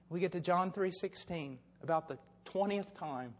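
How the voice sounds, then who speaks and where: Older male preacher, high-pitched voice, long hall reverb, storytelling sermon. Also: normal speed, few pauses. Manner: swings from low, quiet storytelling to loud, shouted preaching.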